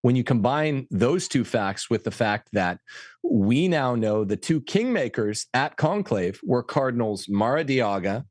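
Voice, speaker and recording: A man speaking as a guest commentator on church affairs, talking fast and insistently in opinionated podcast style. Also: mid-range voice, very animated, a little mellow, no echo, studio quality. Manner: emphatic, rapid, insistent.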